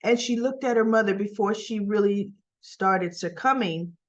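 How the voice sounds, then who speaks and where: A woman's voice: mid-range voice, normal speed. Emotional woman recapping a soap. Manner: emotional, rambling storytelling that acts out the dialogue. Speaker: soap opera reviewer. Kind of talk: casual episode recap. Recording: dull lo-fi sound.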